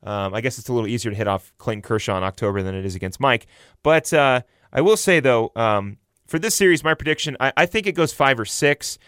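Young male sports podcaster, loose and rambling, clear resonant tone, dry close-miked. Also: medium pitch, expressive, fast talker, fairly bright tone, dry recording. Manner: rambling, self-correcting, frequent fillers and restarts. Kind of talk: casual baseball commentary.

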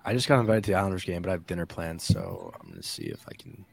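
A man's voice: low voice, wildly swooping pitch, very fast, gravelly, slightly rough. A young man co-hosting a sports podcast from home over a remote call, rambling through his points with many fillers. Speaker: sports reporter, co-host. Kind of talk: casual sports chat. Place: home room.

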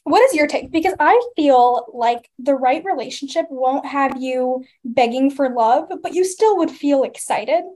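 Podcast host, woman in her 20s, high voice, gushy, reads listener questions. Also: measured pace, few pauses, a little mellow. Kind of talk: casual chat.

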